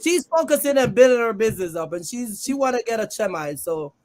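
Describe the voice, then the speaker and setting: High-voiced joking livestream host, a man. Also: expressive, fairly quick, a little mellow. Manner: loose and joking, reads the chat aloud, lots of "man" and "you know". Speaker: host of a trucking business livestream. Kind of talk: casual live-stream chat.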